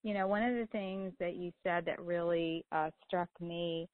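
Woman host, rambling storyteller, quick to laugh, lowish pitch, dry phone-quality sound. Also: steady tone, no room sound. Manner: chatty storyteller, laughs often. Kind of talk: casual chat. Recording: tinny phone-like call audio, dry.

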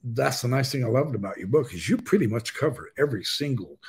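Man, host, husky voice, casual live-stream chat, joking, mid pitch. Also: fast talker. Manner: chatty, joking, animated. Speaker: podcast host.

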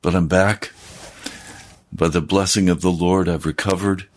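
A man's voice: sits low, fairly even intonation, unhurried. A man speaking as a pastor, hosting a broadcast and talking in a solemn, earnest sermon style while recovering from losing his voice. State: recovering from a lost voice.

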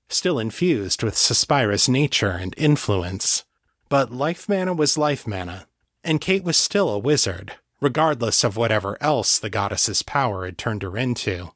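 With a mid-range voice, this man narrates an audiobook story at an even, controlled pace from a script. The sound is clean studio audio without any echo.

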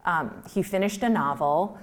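Woman writer telling stories, chatty and self-deprecating, somewhat low voice. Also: moderate pace. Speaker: writer giving a talk. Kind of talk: personal storytelling talk.

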